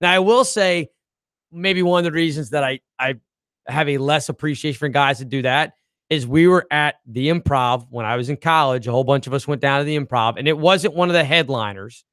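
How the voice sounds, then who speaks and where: Man, podcast host, casual chat, high voice, lively storytelling, dry close mic. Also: fairly quick, clean tone, no room sound. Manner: animated storyteller, acts out voices in quotes.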